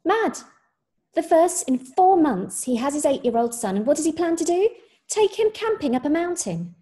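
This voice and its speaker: A woman's voice: on the high side, very animated, normal speed, warm tone, pitched above the performer's own voice. A woman voicing an upset, scornful mother who mocks, then turns choked and snarling.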